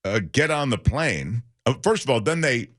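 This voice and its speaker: Animated man telling stories on the radio. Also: medium pitch, normal speed. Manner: animated, acts out quoted voices. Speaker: guest radio host. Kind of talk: casual radio chat, storytelling.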